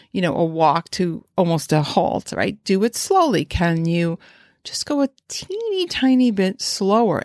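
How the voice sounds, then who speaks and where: A woman's voice: lowish voice, no room sound. Chatty woman horse trainer, dry sound. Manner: rambling, restarts often, asks listeners many questions. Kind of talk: instructional talk.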